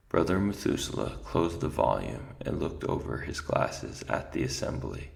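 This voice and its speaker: A man reading a novel aloud in a measured storytelling manner. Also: a bass voice, sing-song, creaky. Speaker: reader. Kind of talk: audiobook narration.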